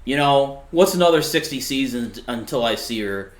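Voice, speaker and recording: A man's voice: medium pitch, animated, moderate pace. Earnest male podcast guest, echoey. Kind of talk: faith discussion podcast.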